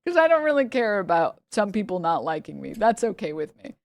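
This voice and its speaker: A woman's voice: mid-range voice, very animated, fairly quick, a little mellow, dry recording. A woman livestreamer chatting casually to her chat, rambling and swearing, often laughing and mocking her critics.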